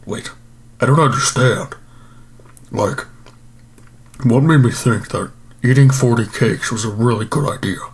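A man's voice: mid-range voice, a little slow, pauses often, natural voice. A man doing a groaning, bloated Lex Luthor. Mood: groaning regret. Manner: groaning, rambling, self-pitying. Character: overstuffed self-pitying male supervillain, groaning, immobile. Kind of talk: improvised comedy monologue.

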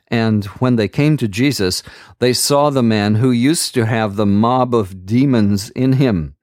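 Give me a man reading scripture slowly and earnestly in a daily Bible podcast, with a dry, close sound. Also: on the low side, a little mellow, no room sound. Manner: slow, measured, earnest reading. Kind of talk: scripture reading and short devotional comment.

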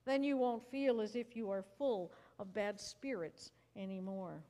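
A woman reading a calm, kindly healer. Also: medium pitch, unhurried, lightly acted. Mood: gentle. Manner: gentle, even storybook delivery. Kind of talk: dramatized Bible story reading. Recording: reverberant church hall.

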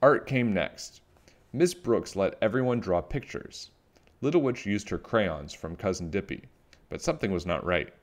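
A man reading a children's book aloud, animated and expressive with playful sound effects. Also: fairly low pitch, moderate pace. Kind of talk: storybook read-aloud.

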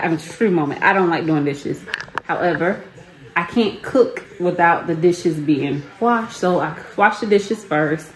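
A young woman with a Southern US accent, chatting casually to the camera as she cooks in her home kitchen. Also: on the low side. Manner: chatty, talks to camera while cooking. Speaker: home cook, vlogger. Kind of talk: casual cooking chat. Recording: background noise in a home kitchen.

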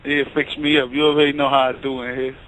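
A man calling in to a radio show, talking in laid-back street slang, smooth and flirty. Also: medium pitch, flat delivery, fast talker, a bit bright, low-quality recording. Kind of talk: call-in phone chat.

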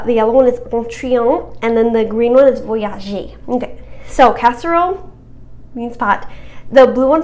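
A cheerful young woman walking through a French vocabulary quiz in a casual, chatty way, encouraging herself and stumbling over hard words. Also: on the high side.

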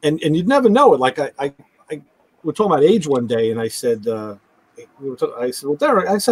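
A man chatting casually on a talk show, his voice a little higher than most and rather husky. He tells stories and acts out what the people in them said, with big jumps in pitch. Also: sing-song, fast, rough recording. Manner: storytelling, acting out quotes with pitch jumps. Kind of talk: casual chat.

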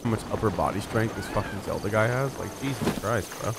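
A gaming channel host with a lowish voice does let's play commentary at a fairly quick clip, his intonation lively, with a little hiss or hum in the background. Exasperated, he swears often, mutters to himself, pleads, and repeats words under his breath.

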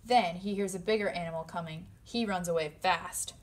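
A woman reading a picture book aloud to children, playfully voicing the animal sounds with high squeaks and yips. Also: normal speed. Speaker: storybook reader.

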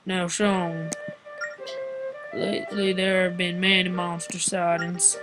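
Whispered role-play: woman as a fussy, grumbling old grandpa, breathy whisper. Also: on the low side, flat delivery, slow pace, low-quality recording. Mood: grave. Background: game music.

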